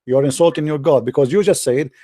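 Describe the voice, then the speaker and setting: Male debater, insistent and combative, mellow but high voice, dry close sound. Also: fast talker, no room sound. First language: Arabic. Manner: insistent, repeats yes-or-no demands. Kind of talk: heated online debate.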